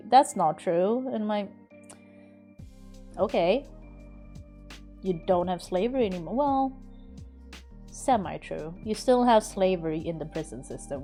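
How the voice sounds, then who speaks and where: In a lowish, warm voice, a Swedish woman chats casually while gaming on a live stream. Her English sounds American-learned with a faint Swedish accent beneath it, and she laughs often and swears without restraint.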